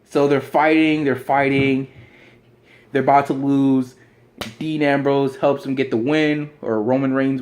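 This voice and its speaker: A man's voice: on the high side, fairly even intonation, normal speed, darkish tone. A young man in a casual vlog monologue, rambling along with frequent restarts. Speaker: vlogger. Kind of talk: casual fantasy-booking monologue.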